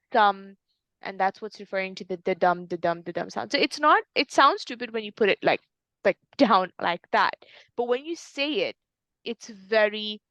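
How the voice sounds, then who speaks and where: A woman's voice: medium pitch, pushed and bright, no echo, muffled recording. A woman tutor explaining a poem in an online lesson, in a patient, explanatory way with some fillers. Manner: explanatory, uses fillers and restarts.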